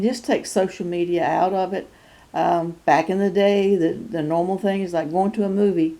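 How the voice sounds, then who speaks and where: A woman in her sixties with a North Carolina Southern accent, talking casually to camera in a halting way with many fillers and frequent chuckles. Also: medium pitch, mellow. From North Carolina, USA. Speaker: YouTube channel host. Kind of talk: casual personal vlog.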